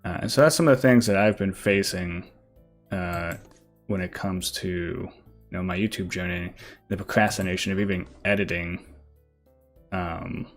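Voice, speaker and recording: A young man streams a card game with a deep voice at normal speed, thinking aloud and reading card text with plenty of fillers. He pauses often, and soft music plays in the background.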